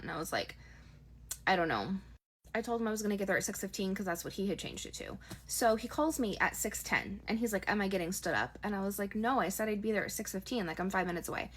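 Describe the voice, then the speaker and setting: A woman shares a personal story in a casual, chatty storytime voice, talking very quickly at a middle pitch. She weaves quoted dialogue into her narration using her own voice.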